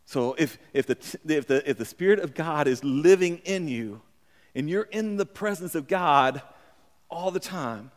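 A man preaching a sermon in a church on a microphone, talking conversationally with repeated words and sudden shouts for emphasis. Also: on the high side, expressive, unhurried, in a large hall. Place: church sanctuary. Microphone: handheld or stand mic.

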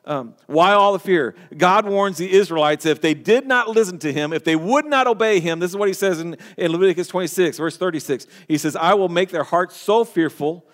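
A man's voice: high voice, a little fast, few pauses, fairly bright tone. A man preaching a sermon as pastor, earnest and emphatic, often restarting words and phrases. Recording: long hall reverb.

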